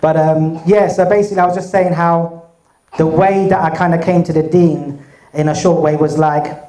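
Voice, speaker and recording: With a cold and a mellow voice, this Englishman rambles through a casual storytelling talk as a guest speaker, chatting away and voicing others' lines at a higher pitch. He keeps a moderate pace with fairly even intonation, and the room sound is noticeable.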